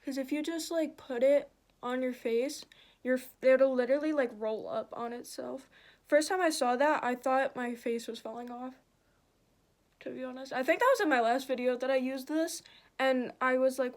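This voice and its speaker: A young woman does her makeup while casually telling a story, swearing a lot and acting it out with animation. Her voice is high-pitched and her pace is normal.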